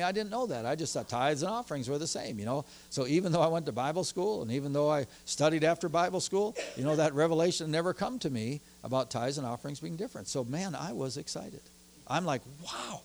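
A man preaching a sermon as pastor, telling stories from his church in an animated way and growing excited as he goes. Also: high voice, slight background noise. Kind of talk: sermon with personal storytelling.

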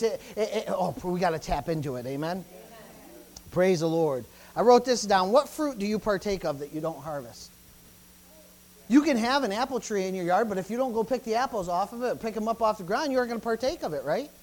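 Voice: mid-range voice, lively intonation, fairly quick, darkish tone. Emphatic preacher giving a sermon. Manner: emphatic, peppered with "praise the Lord" and "amen"; repeats phrases in driving runs.

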